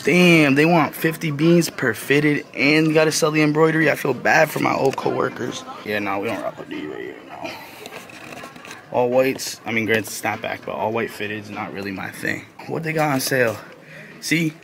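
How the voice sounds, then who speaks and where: A young man in a casual, slangy vlog, chatting excitedly while browsing a store. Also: medium pitch, normal speed, vocal fry, noisy background. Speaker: vlogger. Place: indoor retail store. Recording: store music behind the voice. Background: music playing in the store.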